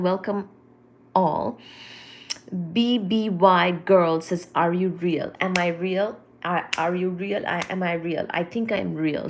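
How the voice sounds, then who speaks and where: A woman hosting a casual live stream, chatty and playful as she greets viewers and reads their comments aloud. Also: on the low side. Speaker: livestream host.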